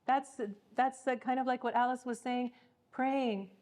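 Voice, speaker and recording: A woman's voice: high voice, flat delivery, measured pace, darkish tone. A woman leading a parenting workshop, speaking earnestly and repeating words as she thinks. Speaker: workshop leader.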